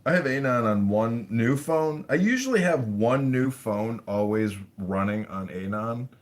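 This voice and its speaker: A man's voice: mid-range voice, expressive, unhurried. A man chatting casually as a guest in an online audio room, telling rambling anecdotes. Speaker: guest, political candidate.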